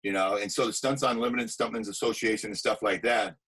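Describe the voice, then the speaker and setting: Husky man telling stunt stories. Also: fairly low pitch, fairly quick, poor audio. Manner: animated anecdotes with acted-out quotes. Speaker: guest actor and stuntman. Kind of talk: casual interview storytelling.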